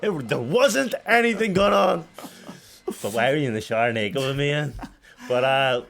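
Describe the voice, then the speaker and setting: A man's voice: medium pitch, animated, moderate pace, vocal fry, a bit bright. Young man, boxer, co-host; casual chatty storyteller, mid-range voice, laughs a lot. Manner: laughs often while telling a story.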